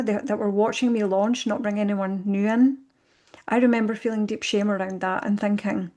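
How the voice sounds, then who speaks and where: A woman in conversation, telling her own story reflectively and acting out her past thoughts in lively bursts. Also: medium pitch, normal speed. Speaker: podcast guest.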